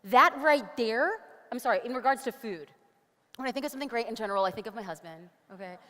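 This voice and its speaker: A woman giving an energetic conference presentation on stage, upbeat and animated, with quick jokey asides. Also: a little high. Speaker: conference speaker. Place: large conference hall. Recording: long hall reverb.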